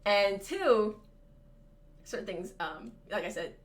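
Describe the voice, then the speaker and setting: A woman's voice: mid-range voice, expressive, takes it slowly. A woman co-hosting a podcast in casual chat, thinking aloud in a rambling way with many fillers. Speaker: podcast co-host.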